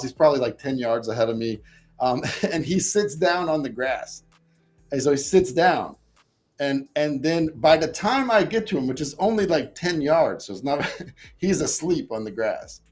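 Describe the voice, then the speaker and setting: A man telling a personal story in a casual interview, acting out his own past thoughts with lively energy. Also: medium pitch. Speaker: podcast guest.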